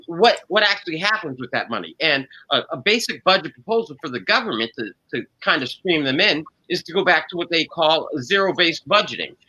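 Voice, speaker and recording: A man's voice: on the high side, sing-song, brisk, few pauses, bright, forceful tone, no echo, muffled recording. A man hosting a panel discussion, probing the guests and restating their positions. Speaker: panel show host.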